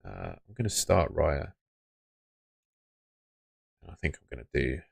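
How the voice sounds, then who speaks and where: A man's voice: rumbling low, sing-song, slow, gravelly, husky, no echo. A young man hosting a live stream, chatting casually and muttering to himself as he sorts things out on his phone. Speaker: livestream host.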